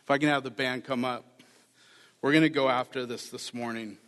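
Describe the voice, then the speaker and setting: A man's voice: medium pitch, fairly even intonation, a little fast, fairly bright tone. A man giving a sermon as a pastor, earnest and conversational, repeating key phrases. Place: church sanctuary. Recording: reverberant church hall.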